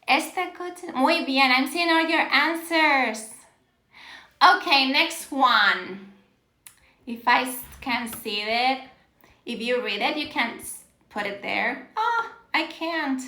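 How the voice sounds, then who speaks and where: A woman teaches Spanish on a live stream, slowly and warmly encouraging her viewers as she reads out their answers and praises them. Her voice is high and bright, and she laughs easily as she mixes English and Spanish. The sound carries a roomy echo. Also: expressive. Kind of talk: live-streamed language lesson. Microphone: phone on a live stream.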